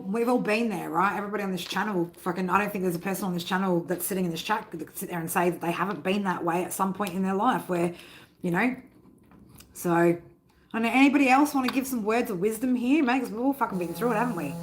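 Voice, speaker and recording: A middle-aged woman hosts a tarot live stream in casual chat, speaking quickly in a mid-range voice with slight background noise. She's blunt and heavily profane, constantly tacking on "right?"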